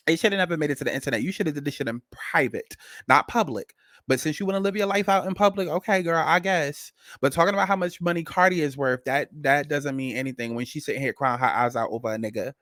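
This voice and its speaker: In clean studio sound with no room noise, a male commentary host covers celebrity gossip and astrology. His mid-range, fairly bright voice comes across blunt and emphatic, and he curses and keeps repeating himself.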